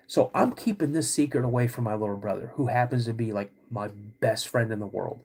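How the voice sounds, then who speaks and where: A man hosting a podcast, vividly retelling a personal story in a halting way, with many restarts. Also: mid-range voice, creaky, a little mellow, slightly rough. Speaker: podcast host.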